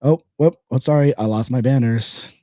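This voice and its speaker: Man, podcast host, blunt and rambling, dry close sound, mid-pitched voice. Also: moderate pace, dry recording. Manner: blunt and rambling, with repeated phrases and sponsor shout-outs. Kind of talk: casual solo podcast monologue.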